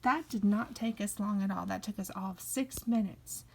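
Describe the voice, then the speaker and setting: A woman teaching phonics to young children, sounding out each word slowly and coaxing them to follow along. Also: medium pitch, gravelly, a little mellow, a little hiss or hum. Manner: slow, drawn-out sounding-out of words; coaxing, encouraging teacher talk. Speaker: kindergarten teacher.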